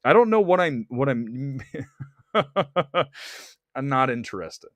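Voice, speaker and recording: Speaking slowly in a medium-pitched voice with big pitch swings, a male livestream host chats about movies in a sarcastic, opinionated, casual way. He reads viewer comments aloud, and there's no echo.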